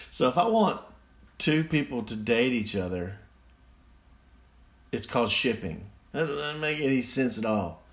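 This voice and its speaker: A man's voice: medium pitch, very animated, a little slow, pauses often. A man reading out slang definitions and mocking them in a casual, sarcastic way, recorded on a phone. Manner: sarcastic, mocking, easily amused. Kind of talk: casual solo commentary.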